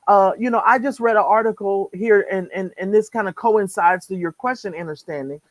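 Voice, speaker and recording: A woman's voice: medium pitch, brisk, no room sound, rough recording. A woman co-hosting a live-stream chat show, talking in an emphatic way and repeating words when worked up. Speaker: co-host. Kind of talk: casual live-stream commentary.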